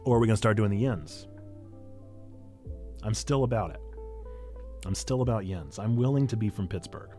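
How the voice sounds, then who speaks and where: A pastor from Illinois with a Northern Illinois accent, chatting casually on a livestream and answering chat in a playful, self-mocking way. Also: male voice, on the low side, animated, moderate pace, pauses often, mellow, soft background music. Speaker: pastor and streamer.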